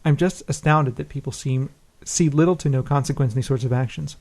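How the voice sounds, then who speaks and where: A man's voice: medium pitch, fairly even intonation, brisk, darkish tone. A man co-hosting a casual podcast, talking informally and reading a listener email aloud. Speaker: podcast co-host.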